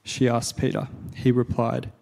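A man reads scripture aloud at an unhurried, even pitch. His voice is gravelly and mellow, with a dark tone. He stays measured and low-key throughout. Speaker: scripture reader. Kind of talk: Bible reading.

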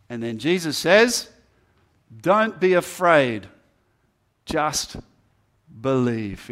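A man's voice: medium pitch, fairly bright tone. A man preaching a sermon, earnest and building emphasis through repeated phrases. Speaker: pastor.

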